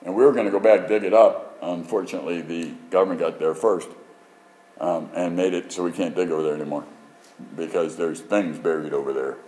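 A male preacher giving a sermon in an animated, joking, emphatic storytelling manner. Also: low voice, brisk, rough recording.

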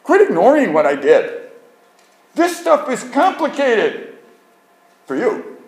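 Exasperated, playful God, put on by a preacher in a sharply raised, scolding voice. He rises far above the preacher's low speaking voice and drives every word home. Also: huge pitch swings, slow, echoey room, full character voice. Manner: high, emphatic scolding.

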